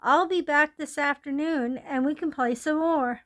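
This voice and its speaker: A woman storyteller reads as a cheerful young girl who adores her dog, using a high, bright, affectionate voice. The talk is warm and simple, sometimes softly pleading, a little slow, and more plain everyday read-aloud than heavy character voice.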